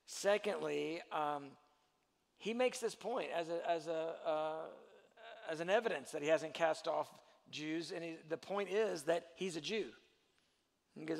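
A man preaching a sermon, building from quiet teaching to loud, emphatic delivery. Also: a little high, a little slow, gravelly, long reverb tail. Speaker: pastor.

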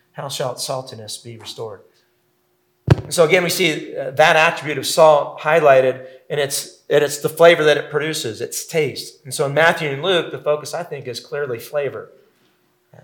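A man preaching an expository sermon, measured and teaching, with occasional fillers. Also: fairly high pitch. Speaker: pastor.

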